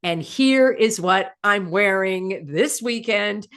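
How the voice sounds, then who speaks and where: A woman hosting her own broadcast, talking in a chatty, animated way and laughing often. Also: medium pitch, slow pace. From United States. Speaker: host. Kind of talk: casual broadcast commentary.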